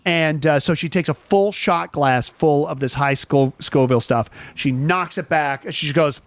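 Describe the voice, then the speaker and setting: A man's voice: a little high, moderate pace, no room sound. A man hosting a chat show, telling a story casually with lots of restarts. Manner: animated storyteller, restarts often.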